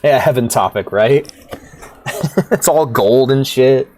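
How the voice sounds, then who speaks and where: A man's voice: mid-range voice, slow pace, a little mellow. A man streaming a rhythm game, chatting casually in a rambling, profane way, laughing often. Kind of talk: casual livestream chat.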